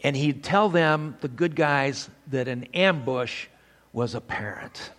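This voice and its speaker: A man's voice: mid-range voice, slow, a bit bright, long reverb tail. An older man preaching a sermon to men, mixing scripture with folksy stories from his past.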